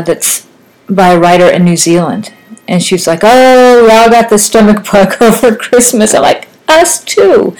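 A woman's voice: mid-range voice, a little mellow, poor audio. A woman in her forties chatting casually to the camera, rambling and self-deprecating, with a slight lisp from new braces. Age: 40s. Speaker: vlogger. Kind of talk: casual chat.

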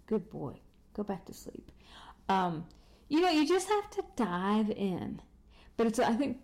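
A woman with a fairly low, slightly mellow voice hosts a podcast from home. She chats casually and rambles, full of fillers and restarts, while walking around the room as she talks.

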